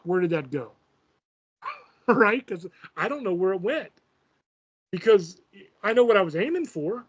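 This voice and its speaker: A man's voice: high voice, slightly rough, dull audio. A man casually telling a profane, self-mocking story as host of his own show.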